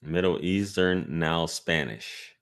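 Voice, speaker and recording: A man's voice: slow, fairly bright tone, clear, resonant tone. A man hosting a live question-and-answer stream, reading chat comments and repeating questions back in disbelief. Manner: incredulous, repeats questions with rising pitch. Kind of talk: casual live Q&A reacting to chat.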